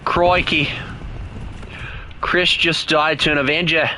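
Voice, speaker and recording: A man's voice: on the high side, little pitch movement, takes it slowly, pushed and bright, slight background noise, full character voice. A man putting on a jokey, exaggerated Australian accent as a cheeky bloke while chatting with friends during gameplay. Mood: joking. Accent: put-on Australian. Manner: jokey, teasing, sprinkles "crikey" and "mate".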